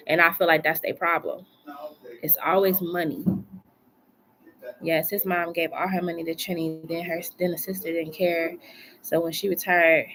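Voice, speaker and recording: A woman gives a casual live tarot reading from home, chatty and colloquial, repeating phrases for emphasis. Her voice is on the low side, with background noise present.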